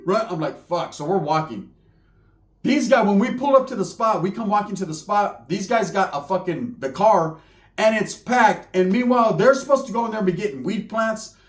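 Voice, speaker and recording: A man's voice: high voice, lively intonation, moderate pace, roomy sound. A man telling a wild comedic story in casual street slang, cursing and acting out the people in it.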